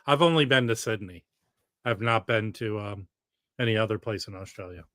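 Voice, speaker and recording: A man's voice: fairly low pitch, normal speed, a bit bright, dry recording. A man hosting a casual live stream alone, rambling and chatty as he reads out viewer comments.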